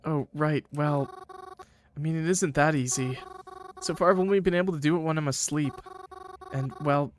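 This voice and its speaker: A man voicing a young girl who talks to ghosts, in a high-pitched girly voice, hesitant and rambling. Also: moderate pace, long pauses, a little hiss or hum, natural voice. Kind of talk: reading game dialogue aloud.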